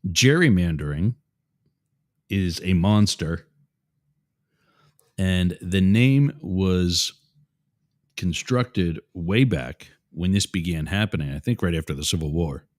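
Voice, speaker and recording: A man's voice: low-pitched, takes it slowly, pauses often. A man hosting a show, giving opinionated political commentary in a rambling, digressive way with asides to his listeners. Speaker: show host.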